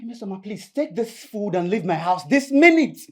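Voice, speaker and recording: A woman's voice: medium pitch, sing-song, brisk, close to an everyday voice. A woman with a Nigerian accent playing a bitter, scornful woman who orders a visitor out. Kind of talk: Nollywood film acting.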